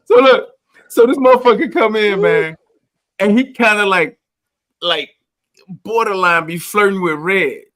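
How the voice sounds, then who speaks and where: A man's voice: high voice, measured pace, pauses often, fairly bright tone. A man hosting a podcast, telling a funny barbershop story in casual, profane banter and laughing as he goes.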